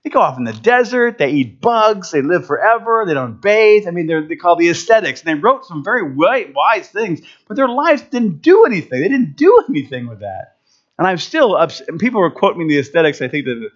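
Male pastor, sermon, animated delivery with wide pitch swings, slightly high voice, dull lo-fi sound. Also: moderate pace. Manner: animated, jumps into high excited voices for quoted people.

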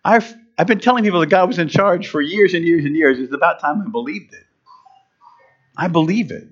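A man preaching a sermon as pastor, lively and conversational, who jumps into high, excited voices when he quotes people. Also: fairly quick, highs cut off.

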